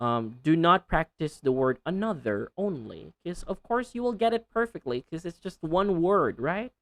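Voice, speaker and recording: A man teaching English pronunciation in a casual video lesson, repeating sounds slowly and with exaggerated care, with chatty asides. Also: a little high, very animated, a bit bright, no room sound. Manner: slow, over-articulated modelling of sounds, chatty asides. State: sweating under a panda hoodie hat.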